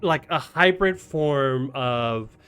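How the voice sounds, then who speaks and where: Brief: male game master, unhurried and halting, faint music under him. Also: mid-range voice, animated, a bit bright, smooth. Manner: halting, full of ums and restarts. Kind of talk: narrating a tabletop game on a charity stream.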